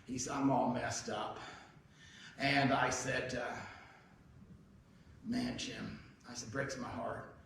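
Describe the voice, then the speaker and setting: A man's voice: mid-range voice, fairly even intonation, takes it slowly, vocal fry, long pauses, fairly bright tone, slight background noise. A middle-aged male pastor telling a personal story in a sermon, in a conversational, folksy way, acting out the dialogue. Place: church sanctuary. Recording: echoey church hall, mic heard from a distance.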